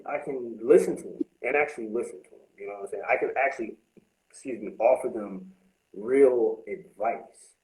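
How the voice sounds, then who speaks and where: A man's voice: on the low side, roomy sound, low-quality recording. A man talking candidly about his recovery from drinking, blunt and heavy with swearing. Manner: blunt, profane, confessional. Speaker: host.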